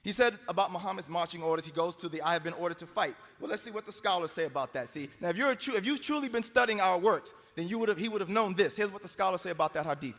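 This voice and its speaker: A man's voice: high voice, very fast, few pauses, a bit bright. An American man giving an emphatic, argumentative debate speech, quoting scripture to press his case. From United States. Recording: long hall reverb.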